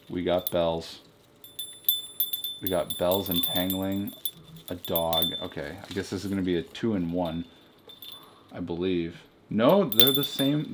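Young man mock-reviewing ornaments, lively pitch. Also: noisy background. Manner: mock-serious, rambling asides. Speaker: comedy vlogger. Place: home beside a Christmas tree. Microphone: camera held by a friend.

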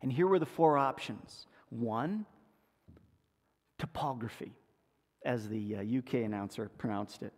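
A man preaching a sermon, telling a story in a playful, animated way. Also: mid-range voice, measured pace, pauses often. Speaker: pastor. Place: church sanctuary. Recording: echoey church livestream.

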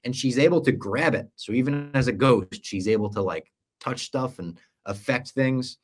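His voice is medium-pitched and slightly rough, moving at a moderate pace. This young man co-hosts a casual podcast, recapping a series at length as an animated storyteller who acts out the lines he quotes.

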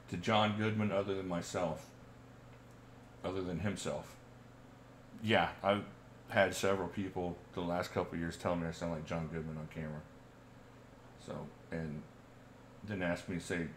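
Man, forties, slightly low voice, chatty livestream host, reads questions aloud, faint background noise. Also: a bit bright. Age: 40s. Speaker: channel host. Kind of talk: casual livestream Q&A.

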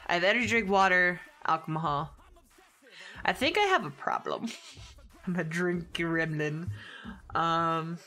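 A woman's voice: on the low side, animated, measured pace, long pauses, pushed and bright. A young adult woman chatting casually with her viewers on a game stream, swearing and laughing often as she answers chat. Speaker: gaming streamer.

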